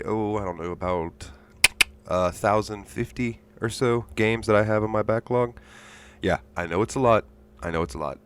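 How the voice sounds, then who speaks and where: A man with a deep, smooth and resonant voice talks through a game review. He rambles a little and fills his pauses with ums and uhs, keeping it loose and chatty. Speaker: podcast guest reviewer. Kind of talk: recorded audio review.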